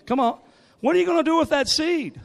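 High-voiced man preaching a lively sermon. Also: fairly quick, vocal fry. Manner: joking asides, then rising call-and-response preaching. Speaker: guest preacher.

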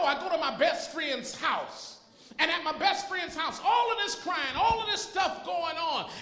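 A male pastor with a high voice delivers an impassioned sermon that builds to shouts, full of repeated rhetorical questions. The recording is made in a hall with long, echoing reverb.

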